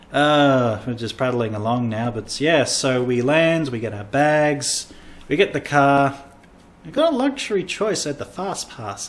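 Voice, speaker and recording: A man's voice: mid-range voice, a little hiss or hum. An Australian man, a comedian hosting a casual podcast, rambling through travel stories and acting out quoted lines.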